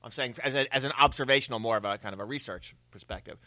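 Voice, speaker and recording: A man's voice: medium pitch, quick pace, sharp tone, no room sound. A man co-hosting a sports radio show, self-mocking and laughing often as he stammers through his points. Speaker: radio co-host. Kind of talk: casual radio banter.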